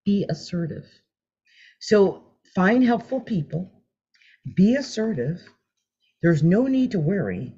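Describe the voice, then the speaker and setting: A woman's voice: medium pitch, takes it slowly, long pauses, husky. A chatty woman reading tarot cards on a live stream, laughing often and humming as she draws. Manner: chatty, animated, laughs often, hums while drawing cards. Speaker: tarot card reader. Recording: dull lo-fi sound.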